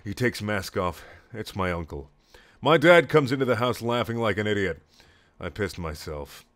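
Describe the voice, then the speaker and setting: A young man reading a comedic story aloud in clipped, deadpan lines with sudden loud outbursts. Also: on the low side, normal speed, dry recording.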